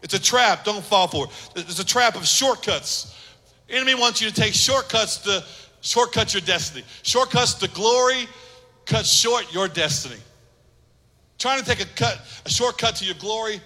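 High, bright-voiced preaching pastor. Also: male voice, lively intonation, normal speed. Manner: emphatic preaching with repetitions and acted-out quotes. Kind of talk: sermon. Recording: long hall reverb.

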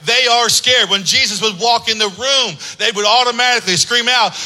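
Bright-voiced preacher man, high and forceful. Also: normal speed, rough recording. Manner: storytelling, swings from low conversational to loud shouted preaching. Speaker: pastor. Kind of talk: sermon.

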